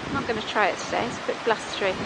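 A woman's voice: a little high, racing, creaky. A Cornish woman presenting a coastal walk, chatty and enthusiastic, recorded outdoors on a windy clifftop path. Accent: Cornish English. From Cornwall. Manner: chatty, enthusiastic, laughs easily. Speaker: walking vlog presenter. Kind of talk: casual outdoor narration. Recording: outdoor wind and ambient noise. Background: wind and outdoor ambience.

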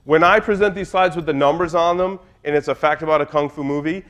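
A man's voice: fairly high pitch, fast talker, fairly bright tone. A middle-aged man giving a humorous conference talk in a room, telling anecdotes in a loose, chatty way. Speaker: conference speaker.

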